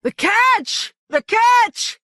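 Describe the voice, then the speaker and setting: A woman voicing a panicked male fishing boat captain who yells over the noise. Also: extremely high pitch, expressive, takes it slowly, no echo, studio quality, pitched above the performer's own voice, full character voice. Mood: anguished. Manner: yelling in panic over din.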